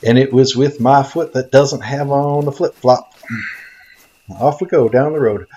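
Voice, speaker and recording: A man's voice: medium pitch, unhurried, muffled recording, natural voice. A man playing a naive, bumbling greenhorn hunter and photographer from Tennessee, rambling in a folksy way in comedic game commentary. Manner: rambling, folksy, easily excited. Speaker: gaming video narrator.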